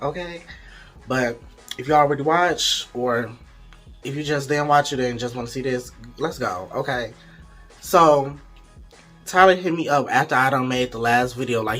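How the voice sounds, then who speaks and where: A man's voice: mid-range voice, a bit bright. A young man in casual storytime mode, chatty and candid, talking straight to his viewers. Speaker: vlogger.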